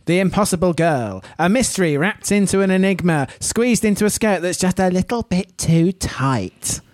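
A man co-hosting a podcast in casual chat, delivering trivia with dry deadpan quips. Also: high-pitched, normal speed, no room sound. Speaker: podcast co-host.

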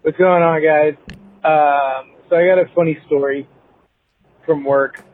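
A man's voice: a little high, steady tone, measured pace, dry recording. Man rambling on a tinny voicemail. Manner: meandering, with many fillers and restarts. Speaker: voicemail caller. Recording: tinny phone-line voicemail.

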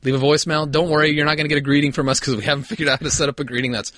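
A man's voice: fairly high pitch, fairly even intonation, racing, a bit bright, no room sound, clean studio sound. A man co-hosting a podcast in casual chat, joking around, swearing freely and laughing often. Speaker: podcast co-host.

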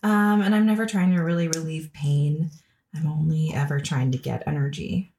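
A woman's voice: low-pitched, fairly even intonation, moderate pace, warm tone, slight background noise. A woman hosting a podcast in casual chat, chatty and laughing often, with fillers. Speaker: podcast host.

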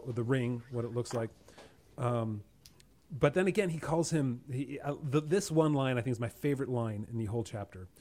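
A man with an ordinary mid-range voice, co-hosting a book podcast. He walks through a passage at an easy pace. He keeps checking in with the others as he explains. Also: mid-range voice. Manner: relaxed, explanatory, ends points with "right?". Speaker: podcast co-host. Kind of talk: casual book discussion.

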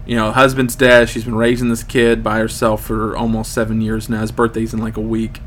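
A man's voice: on the low side, completely flat delivery, fairly quick, a little hiss or hum. A man in his late thirties hosting a casual podcast chat, joking and rambling with frequent ums. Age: 30s. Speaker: podcast host.

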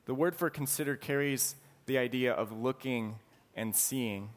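A man's voice: mid-range voice, a little slow. A man preaching a sermon, explaining scripture in an earnest, teaching manner. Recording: long hall reverb.

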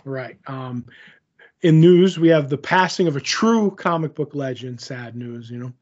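A man's voice: medium pitch, lively intonation, measured pace, highs cut off. A man co-hosting a podcast in casual chat, rambling with lots of fillers and joking at his own expense. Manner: rambling, filler-heavy, self-mocking. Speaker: podcast co-host. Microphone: remote call recording.

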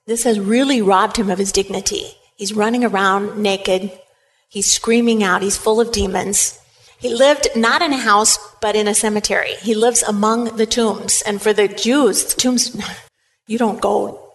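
A woman preacher giving a sermon, retelling a story in a lively way and speaking straight to her listeners. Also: on the high side, slight background noise. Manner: lively retelling, addresses the congregation directly.

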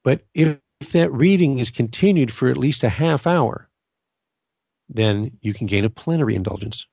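A man's voice: medium pitch, animated, normal speed, creaky, darkish tone, slightly rough, dry recording, lo-fi sound. A middle-aged man from Southern California talking about faith in a casual, earnest way, often restarting his sentences. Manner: conversational, earnest, many restarts. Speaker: Catholic podcast host. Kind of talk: casual spiritual talk.

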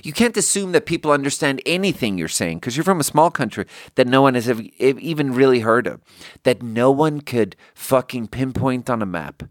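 A man riffing through a casual comedic monologue, his pitch bouncing all over as he tells a story. He swears freely, restarts his sentences, and slips into the voices of the people he quotes. The sound is dry, with no room echo. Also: expressive, moderate pace. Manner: rambling, with frequent restarts. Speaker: podcast host.

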